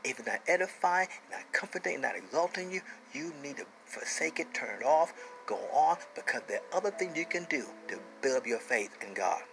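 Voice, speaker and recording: A man preaching a sermon, emphatic, repeating phrases and dropping into hushed whispers. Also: on the high side, lively intonation, a little fast, creaky, a little hiss or hum, poor audio.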